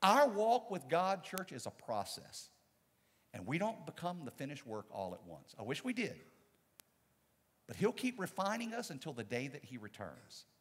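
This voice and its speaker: A man, a pastor, preaching a sermon with dynamic swings from loud to soft. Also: medium pitch, sing-song, moderate pace, slightly rough, in a large hall. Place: church sanctuary.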